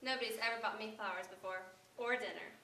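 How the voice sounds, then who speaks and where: A woman's voice: on the high side, steady tone, quick pace, pushed and bright, a little hiss or hum. A woman playing a shy plain young maid. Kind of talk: school stage play. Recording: echoey stage from far off with faint crowd.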